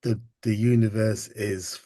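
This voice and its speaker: A man telling his story as an interview guest, halting and reflective, full of ums and restarts. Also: on the low side, little pitch movement, mellow, no echo. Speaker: interview guest, photographer and artist.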